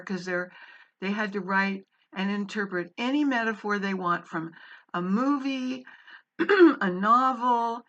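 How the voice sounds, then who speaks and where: A woman's voice: mid-range voice, a bit bright, highs cut off. A woman and former college English teacher telling a personal story in a casual, meandering way, with many fillers and restarts.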